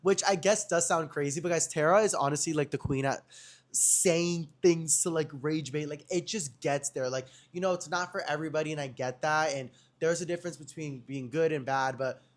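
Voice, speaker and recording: A man's voice: fairly high pitch, normal speed. A young man hosting a podcast who tells gossip stories in a chatty, slangy way and keeps addressing his viewers directly. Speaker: podcast host. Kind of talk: casual gossip storytelling.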